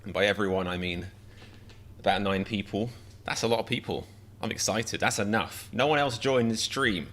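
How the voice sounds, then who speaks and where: A man's voice: lowish voice, moderate pace, fairly bright tone. A man hosting a casual livestream, greeting viewers one by one with wry, self-deprecating humor. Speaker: livestream host reacting to chat.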